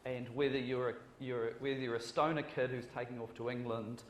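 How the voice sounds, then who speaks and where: A man's voice: medium pitch, fairly even intonation, fairly quick. A man with a New Zealand accent, a screenwriter on a conference panel, rambling with jokes and self-deprecating asides and often restarting his sentences. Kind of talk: panel discussion. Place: conference hall. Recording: echoey hall, faint noise.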